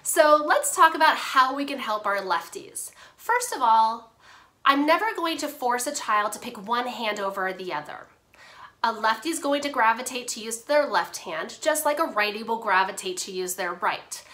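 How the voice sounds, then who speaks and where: A woman's voice: a little high, lively intonation, moderate pace, bright, forceful tone. A woman occupational therapist giving upbeat, playful teaching tips to parents and teachers, at times chatting with a hand puppet. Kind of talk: instructional talk to parents and teachers.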